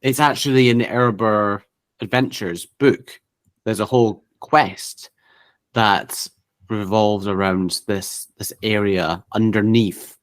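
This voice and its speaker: A man's voice: on the low side, fairly even intonation, slow. A man co-hosting a casual tabletop gaming podcast over a call, reading out long lists with frequent fillers and restarts. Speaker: podcast co-host. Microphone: remote call.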